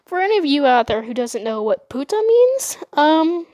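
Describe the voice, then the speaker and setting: A young woman telling a storytime vlog in a giggly, excitable way. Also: high-pitched, normal speed, few pauses, no echo, clean studio sound. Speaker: vlogger.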